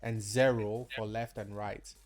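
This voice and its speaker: A man's voice: on the low side, little pitch movement, unhurried, faint music behind. Patient Nigerian man teaching code. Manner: patient, guiding, laughs easily. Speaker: coding teacher. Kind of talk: live-streamed coding lesson.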